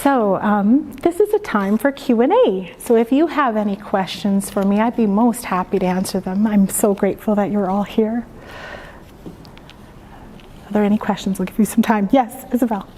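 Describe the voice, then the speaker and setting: A woman from Canada reading her own book aloud in a slow, measured way, then answering questions thoughtfully. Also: mid-range voice, warm tone, slight background noise. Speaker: author. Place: library event room. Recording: long hall reverb.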